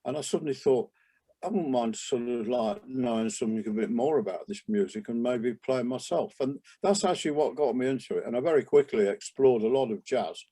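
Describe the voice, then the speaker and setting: Older man, mellow reminiscing voice. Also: medium pitch, brisk. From England. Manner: rambling, with many restarts and asides. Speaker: interview guest, jazz trumpeter. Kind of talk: relaxed reminiscing interview talk.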